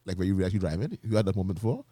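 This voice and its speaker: Man radio co-host, lively pitch, fast pace, laughs often. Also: dry recording. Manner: animated storytelling, laughs often. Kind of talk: casual radio chat.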